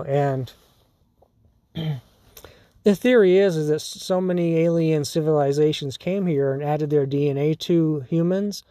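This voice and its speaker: Slow, laid-back male podcast host. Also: on the high side, warm tone, no echo, clean studio sound. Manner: rambling, laughs often, many restarts. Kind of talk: casual solo podcast monologue.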